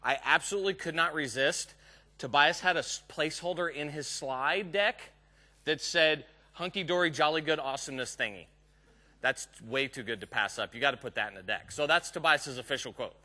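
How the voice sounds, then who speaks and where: Fairly high-pitched and bright, with a pushed quality, this man talks at a moderate pace. He's a Southern-accented Texan delivering a live technical conference talk, joking casually with the audience present.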